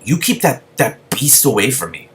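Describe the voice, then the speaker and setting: A man's voice: medium pitch, big pitch swings, moderate pace, a little hiss or hum, pitched above the performer's own voice, lightly acted. A man doing a prissy, fussy little lizard. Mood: indignant. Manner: prissy, scolding, easily flustered. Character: fussy, prim male lizard, small and condescending.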